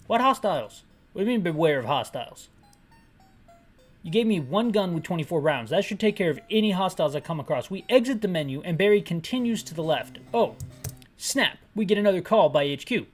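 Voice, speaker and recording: A woman's voice: on the low side, very animated, a little fast, husky. A woman giving comedic, sarcastic commentary on an old game with audio description, rambling and correcting herself as she goes. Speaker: game retrospective narrator and describer.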